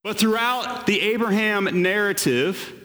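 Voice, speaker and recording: High-voiced male pastor preaching in a hall. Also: measured pace. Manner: animated preaching with playful asides. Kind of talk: sermon.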